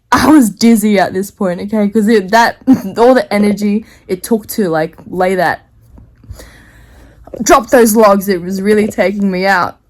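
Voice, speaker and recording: A young woman telling a rambling, embarrassing story to camera, often breaking into laughter and slang. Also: mid-range voice. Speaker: vlogger.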